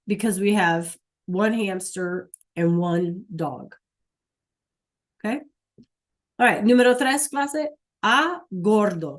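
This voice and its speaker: A woman teaching a Spanish class online over a computer mic, patient, checking in often with "okay?" and "right?". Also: medium pitch.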